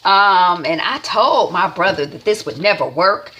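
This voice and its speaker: Woman recapping an episode, animated storytelling, bright lively voice. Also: lowish voice, unhurried. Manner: animated storytelling with many fillers, acts out quotes. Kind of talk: casual chat.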